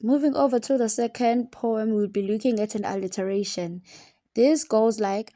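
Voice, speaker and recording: A woman teacher explaining a lesson and reading examples aloud slowly and deliberately. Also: a little high, mellow, dry recording.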